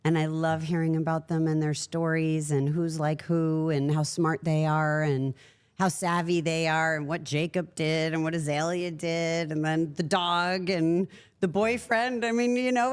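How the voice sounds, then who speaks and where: A woman's voice: sits low, fairly even intonation, unhurried, clear, resonant tone. A woman hosting a conversation, supportive and asking probing questions. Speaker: host. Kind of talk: interview chat.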